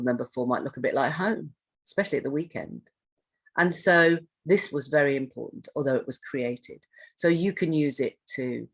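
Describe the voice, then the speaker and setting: Husky low-voiced woman presenting. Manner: conversational, asks the audience questions, restarts phrases. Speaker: trainer on hoarding and self-neglect. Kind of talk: training presentation.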